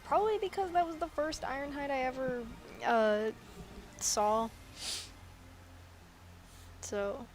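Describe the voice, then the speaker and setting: A woman's voice: high-pitched, takes it slowly, pauses often, a little mellow, a little hiss or hum. A woman chatting casually while she draws, rambling and giggly with self-deprecating asides. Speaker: artist drawing on stream. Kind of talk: casual chat while drawing.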